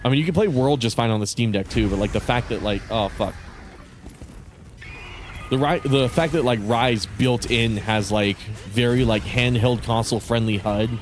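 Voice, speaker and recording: A man's voice: medium pitch, normal speed, slight background noise. Laid-back, cursing young man streaming. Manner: rambling, profane, laid-back. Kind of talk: casual gaming commentary.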